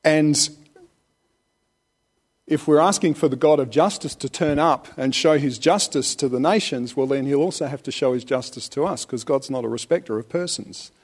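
A man preaching a relaxed, conversational sermon, with rhetorical questions and chuckles. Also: a little high, normal speed, slightly rough. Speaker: pastor.

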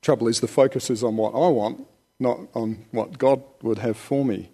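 A man preaching a relaxed, conversational sermon, with rhetorical questions and chuckles. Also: mid-range voice, normal speed. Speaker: pastor.

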